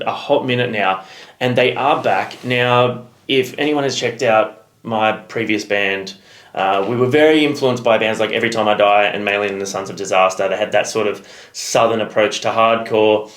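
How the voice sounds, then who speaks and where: An Australian man co-hosting a music reaction video, chatting casually and swearing freely. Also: on the low side. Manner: laid-back, swears casually. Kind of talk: casual chat. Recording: roomy echo.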